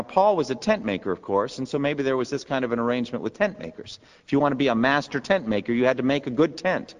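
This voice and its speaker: A man preaching a sermon as pastor, earnest and emphatic, asking his listeners rhetorical questions. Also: mid-range voice. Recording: long hall reverb.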